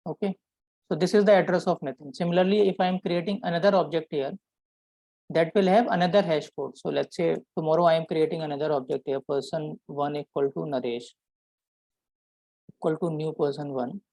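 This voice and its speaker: A man teaching a programming lesson, explaining step by step and often checking in with a quick "right?". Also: fairly high pitch, steady tone, creaky, mellow, no room sound, low-quality recording. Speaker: programming instructor. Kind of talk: live coding lesson.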